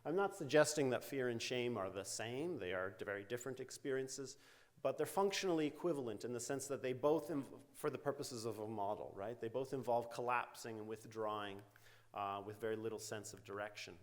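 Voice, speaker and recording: A man's voice: medium pitch, fairly quick. Middle-aged man giving a conversational lecture. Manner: conversational, frequent fillers and "right?" tag questions. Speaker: invited lecturer, psychology researcher. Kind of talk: academic lecture with quoted therapy examples. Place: university lecture hall.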